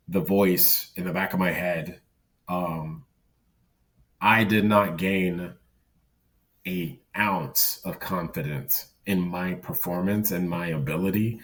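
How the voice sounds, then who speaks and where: A man's voice: low voice, a bit bright, distant mic. A man who works as a circus clown, a guest on a podcast, telling stories in a rambling, self-deprecating way. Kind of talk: casual podcast conversation.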